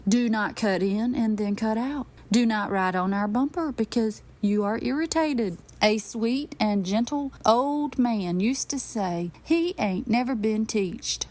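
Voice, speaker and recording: A woman's voice: a little high, a little slow, hardly any pauses, darkish tone, close to an everyday voice. An older woman, the host's mother, giving a stern, sassy monologue on funeral etiquette. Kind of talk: scripted monologue.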